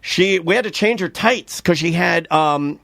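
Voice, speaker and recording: A man's voice: high-pitched, measured pace, creaky, fairly bright tone, no echo. A man co-hosting a podcast, joking around in crude, profane banter. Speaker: podcast co-host. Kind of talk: casual podcast chat.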